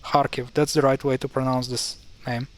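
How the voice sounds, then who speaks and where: A man with a medium-pitched voice and a flat delivery speaks at normal speed. He explains pronunciation casually over a screen-share, chatty yet irritated by mispronunciations, with frequent fillers and false starts.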